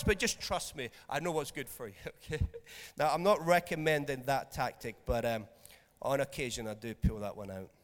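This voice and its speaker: A man's voice: mid-range voice, fairly bright tone, in a large hall. A man preaching a sermon in a conversational, jokey way, often checking in with his listeners. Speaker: pastor. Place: church hall.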